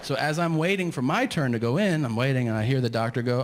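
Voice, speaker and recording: Male stand-up comic, animated, acts out the voices; live hall echo, audience audible. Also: mid-range voice, quick pace, background noise. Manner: animated storytelling, acting out voices. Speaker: stand-up comedian. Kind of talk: stand-up set. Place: theater stage.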